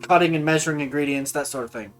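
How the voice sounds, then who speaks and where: A woman narrating as game master of a tabletop game, rambling and animated with many fillers. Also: low-pitched, fast talker, faint music behind.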